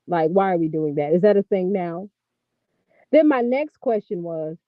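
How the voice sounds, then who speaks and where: A woman giving casual gossip commentary on a vlog, talking in an animated, profane, exasperated ramble. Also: medium pitch, no echo, narrow, tinny audio. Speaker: vlogger.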